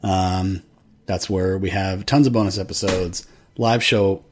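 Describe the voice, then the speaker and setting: Rambling low-voiced man on a podcast. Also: fairly even intonation, measured pace, a little hiss or hum. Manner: rambling, many "like" fillers and restarts. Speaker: podcast co-host. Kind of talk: casual comedy podcast chat.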